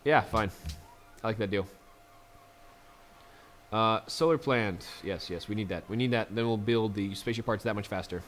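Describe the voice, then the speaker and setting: A man's voice: on the low side, normal speed, long pauses, a bit bright, faint music behind. A man casually commenting on his strategy game, chatty and laughing often, talking to the units on screen. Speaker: let's play gamer.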